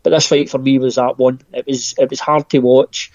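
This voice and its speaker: A man's voice: mid-range voice, little pitch movement, a little fast, darkish tone, dry recording. A man speaking as a podcast guest, hesitant, with frequent ums and restarts. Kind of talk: casual podcast chat. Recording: dry, dull lo-fi audio.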